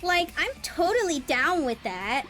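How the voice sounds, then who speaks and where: A bubbly valley-girl teenage ninja, sunny and carefree, voiced by a woman reading along with a game. Her voice sits high and bright, with a put-on Valley Girl lilt that stretches out every "like" and "you know". Faint game music plays softly behind her. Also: sing-song, exaggerated voice. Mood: breezy. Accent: California Valley Girl, put on. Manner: upbeat, drawn-out "like" and "you know". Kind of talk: reading game dialogue aloud.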